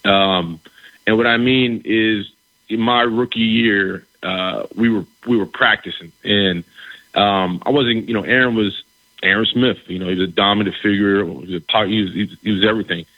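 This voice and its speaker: A middle-aged man, a former pro football player, telling a story in a casual conversation, animated, often restarting his phrases and asking "right?". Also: lowish voice, moderate pace, dry recording. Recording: dull, slightly lo-fi recording.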